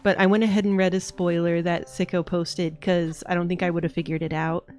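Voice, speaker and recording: A woman's voice: fairly low pitch, a little fast. Chatty young woman streamer, swears a lot. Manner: chatty and excitable, swears freely. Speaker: game streamer. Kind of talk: casual live-stream chat.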